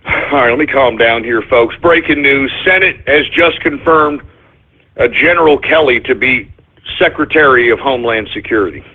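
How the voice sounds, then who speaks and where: A male radio show host on a call-in show, swinging between shouted rants at trolls and forced attempts to calm himself. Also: mid-range voice, normal speed. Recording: lo-fi internet radio audio.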